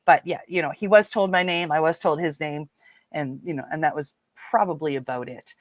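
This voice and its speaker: A woman with a Newfoundland accent hosts a casual livestream, speaking briskly in a low voice. She chats with viewers and reads their comments aloud, using lots of fillers, in a dry recording.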